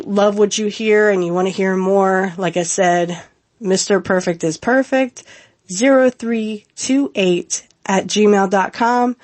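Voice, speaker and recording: A woman hosting a solo podcast, talking in a heartfelt, rambling way with many fillers and restarts. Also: medium pitch. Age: adult with a young child. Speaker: podcast host. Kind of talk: casual solo podcast talk.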